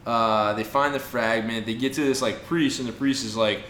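A man's voice: medium pitch, moderate pace, reverberant, slight background noise. A man co-hosting a podcast, recapping comic books in casual chat and acting out the characters' lines with plenty of swearing. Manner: animated retelling with acted-out quotes, swearing. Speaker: podcast co-host.

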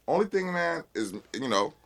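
A man being interviewed as a rap guest, talking casually and with passion, full of street slang and repeated "you know what I'm saying", while high. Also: big pitch swings, normal speed, gravelly, a bit bright. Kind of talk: casual unfiltered interview talk.

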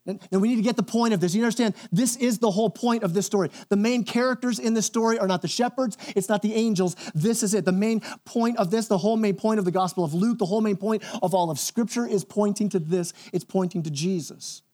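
A man preaching a church sermon, animated, then dropping to a hushed, intense tone. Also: sits high, fast, hardly any pauses. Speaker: pastor.

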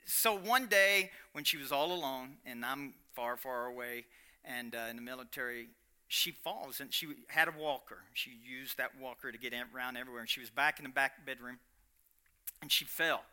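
Middle-aged man, sharp, animated sermon storytelling. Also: medium pitch, normal speed, clear, resonant tone. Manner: animated, swinging from loud to hushed. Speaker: preacher sharing a testimony.

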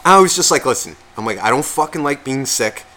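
A man's voice: mid-range voice, animated, a little fast, pushed and bright, a little hiss or hum. A man co-hosting a podcast, telling a story in casual chat and swearing constantly. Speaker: podcast co-host.

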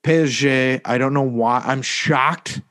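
Man, mid pitch, hesitant, explanatory, casual podcast talk. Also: fairly even intonation, measured pace, fairly bright tone. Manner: hesitant, many fillers and restarts, explanatory. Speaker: podcast panelist. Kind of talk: casual soccer podcast chat.

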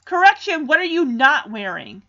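A woman voicing a gently scolding sitcom father, mock-stern and fatherly. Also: sits high, very animated, moderate pace, highs cut off, voice pushed up, full character voice.

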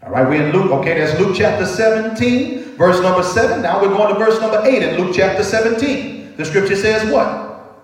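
A man preaching a sermon as pastor, quizzing the congregation with call-and-response questions, sometimes sing-song and sometimes shouting. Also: sits high, lively intonation, brisk. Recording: very echoey hall, voice from far off.

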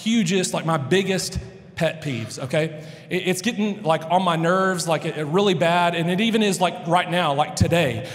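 A high-pitched man in his thirties preaches in a loose, conversational style, restarting his sentences as he tells stories from home. His voice rings through a large hall with a long reverb. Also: moderate pace. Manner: rambling, chatty, many restarts and fillers. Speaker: pastor. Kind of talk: casual storytelling sermon.

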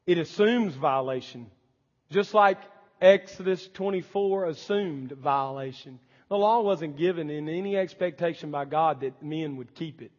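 A man's voice: a little high, a little slow, long reverb tail, highs cut off. A man preaching a sermon as pastor, with impassioned delivery and pleading prayers acted out. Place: church sanctuary.

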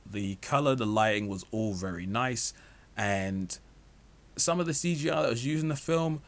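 A man's voice: mid-range voice, moderate pace. A man giving a casual, opinionated film review, talking freely with lots of "like" and "you know" fillers. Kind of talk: casual movie review monologue.

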